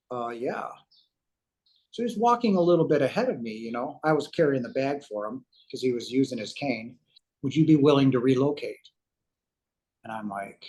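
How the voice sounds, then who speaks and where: A man's voice: medium pitch, normal speed, poor audio. Man telling a story with acted-out quotes. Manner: animated retelling with acted-out quotes and frequent fillers. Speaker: interview guest. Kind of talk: storytelling in an interview.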